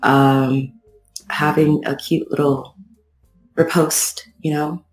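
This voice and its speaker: A woman's voice: sits low, level tone, slow, a little mellow, reverberant, faint music behind, low-quality recording. A woman co-hosting a podcast, talking casually with dry, self-deprecating wit. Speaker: podcast co-host.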